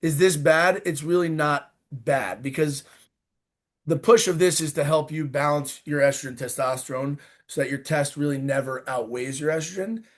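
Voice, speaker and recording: A man's voice: fairly high pitch, normal speed. A male doctor giving informal, emphatic expert answers as a guest in an interview. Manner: emphatic, informal, direct advice.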